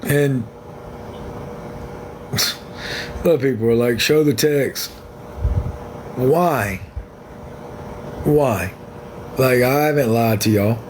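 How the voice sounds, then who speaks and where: A man's voice: mid-range voice, drawn-out words, long pauses, a little mellow, slight background noise. A man hosting his own livestream, talking in a blunt, frank and rambling way to viewers on a phone. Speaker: livestream host. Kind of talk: casual livestream chat.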